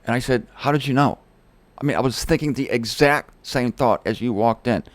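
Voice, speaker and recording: A middle-aged man hosting his show, telling a personal story in a casual, animated way and acting out the voices of the people in it. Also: mid-range voice, normal speed, no echo. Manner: animated, quoting others in acted-out voices. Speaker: host.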